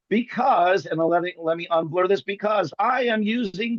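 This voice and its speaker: A man guest on a video call, riffing and joking fast with bits of mimicry. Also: high voice, a bit bright, no echo, dull audio. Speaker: guest magician. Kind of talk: comic banter on a video call.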